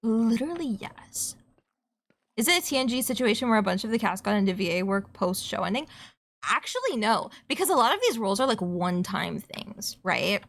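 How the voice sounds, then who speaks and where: A young adult woman with a Canadian accent talking through a game stream. She rambles from one aside to the next, swears offhandedly, and her voice sits at an ordinary middle pitch. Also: sing-song, quick pace, creaky, fairly bright tone. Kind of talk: casual streaming chat while gaming.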